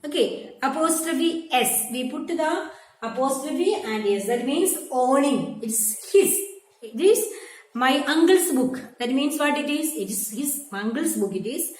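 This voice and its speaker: A woman's voice: sits high, lively intonation, unhurried, a little mellow. A woman teaching a grammar lesson, explaining patiently and repeating herself, with frequent "okay" checks. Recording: echoey room.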